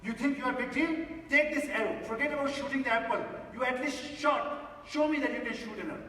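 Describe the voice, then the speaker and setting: A man voicing a proud, hot-tempered royal archer in a quick, indignant outburst, heard from afar in an echoey theatre hall. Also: extremely high pitch, pushed and bright, distant mic, slight background noise, pitched above the performer's own voice.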